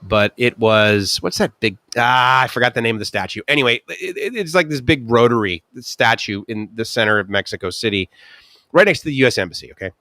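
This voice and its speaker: Chatty middle-aged male streamer; bright tone, dry close mic. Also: medium pitch, dry recording. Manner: chatty storyteller, quick asides and laughs, acts out voices. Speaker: live stream host. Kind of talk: casual rambling chat. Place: ocean-view bungalow.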